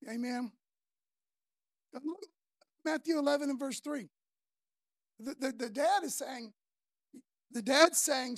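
A man's voice: extremely high pitch, expressive, measured pace, pauses often, no echo, clean studio sound. A man preaching a sermon in a casual, earnest way, using slang fillers as he talks. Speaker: pastor.

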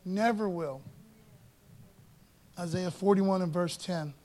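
A man preaching a sermon in a casual, conversational way, often adding "man" and "you know" and slowing down to read scripture with emphasis. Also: high voice, darkish tone. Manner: reads scripture slowly and emphatically. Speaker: pastor.

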